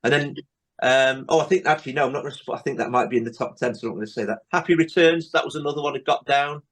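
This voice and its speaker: Speaking very fast in a medium-pitched, fairly bright tone, a man hosts a podcast. His talk is casual chat, full of retold comedy scenes and frequent tag questions.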